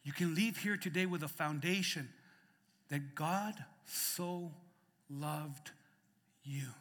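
A male pastor with a high, bright, forceful voice delivers a passionate sermon. He climbs to loud emphatic peaks, then drops to quiet, intimate passages. His voice rings out with the long reverb of a church hall. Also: slow. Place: church sanctuary.

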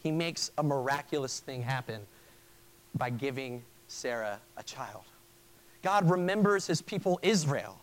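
A man's voice: mid-range voice, animated, a little slow, rough recording. A male pastor preaching a sermon in an earnest way, often stopping and restarting his phrases. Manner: earnest, with frequent stammered restarts.

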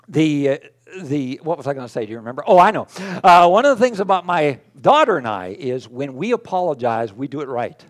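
A middle-aged man preaching a conversational sermon, self-deprecating and full of fillers and restarts. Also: fairly high pitch. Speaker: pastor.

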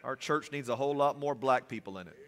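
A male pastor delivers an animated sermon, mixing jokes with earnest points and moving from loud to hushed. His voice is bright and forceful. It rings with the long reverb of a church sanctuary. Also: mid-range voice, fast. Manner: animated preaching with humorous asides, swings from loud to soft.

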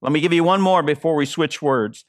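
Interim pastor, male, earnest preacher, slightly high voice, dry recording. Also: brisk, no room sound. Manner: earnest, repeats phrases for emphasis. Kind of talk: sermon. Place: church.

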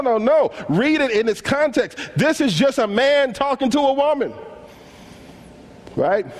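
A man's voice: high voice, slight background noise. A man preaching a sermon in African American English, acting out the dialogue in casual slang as he tells stories. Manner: animated storytelling, acts out dialogue in casual slang. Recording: long hall reverb.

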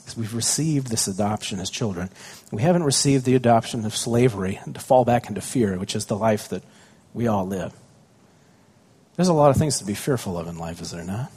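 A man's voice: on the low side, expressive, brisk, a little mellow, breathy edge. A man, a pastor, preaching a conversational sermon with stories about his young children, often asking the congregation questions.

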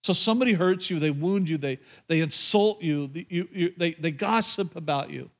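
A man with a high voice preaches to a congregation, swinging between earnest exhortation and playful jokes. He slows right down to stress key lines, then rattles off quick asides to the room. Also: a bit bright. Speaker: pastor. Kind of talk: sermon. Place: church before a live congregation.

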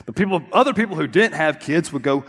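A young man preaches to his congregation, spinning a family story and playing out each person's lines. His voice sits a little high for a man. The sound rings with a long reverb from the church hall. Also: quick pace, breathy edge. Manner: storytelling, animated, acts out quotes. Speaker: pastor. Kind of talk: sermon. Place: church sanctuary.

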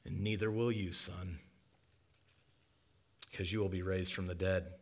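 A man preaching a sermon as a dramatic monologue, impassioned and swinging from loud to hushed. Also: low-pitched, fairly even intonation, measured pace.

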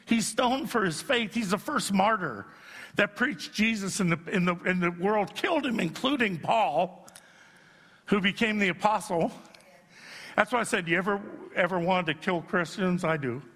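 A middle-aged man preaching a sermon as pastor, joking about himself and rising to shouts at the high points. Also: expressive, moderate pace, husky. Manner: self-deprecating, swells to shouting at peaks. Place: church sanctuary. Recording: long reverb in a church hall.

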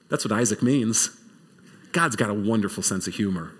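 Animated male preacher telling a story. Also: lowish voice, normal speed, slightly rough. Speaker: pastor. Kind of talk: sermon.

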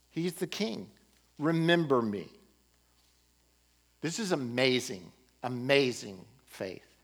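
A man preaching a sermon as pastor, building emphasis with rising and falling delivery. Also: on the high side. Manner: animated, rising and falling emphasis with occasional laughs.

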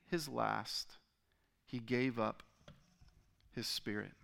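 A male pastor delivers a sermon with a smooth, resonant voice at a middle pitch. He reads scripture aloud with dramatic swells, pushing some phrases out loudly and letting others sink low and soft. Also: unhurried. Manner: dramatic reading with sharp rises and drops in loudness.

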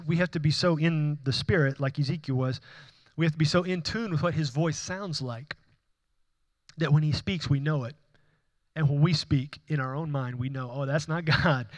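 A man preaching a sermon, speaking in an earnest, conversational way with frequent restarts. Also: fairly high pitch. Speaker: pastor.

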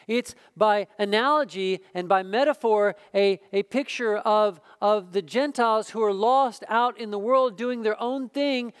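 A man's voice: sits high, a little slow, hardly any pauses, smooth. A pastor preaching a sermon, emphatic and repeating words as he builds each point.

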